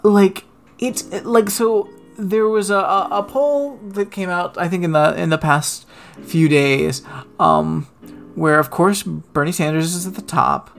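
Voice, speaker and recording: A man's voice: high-pitched, unhurried, gravelly, a bit bright, faint music behind. A man co-hosting a casual political talk show, ranting and mocking with plenty of swearing. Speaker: podcast co-host.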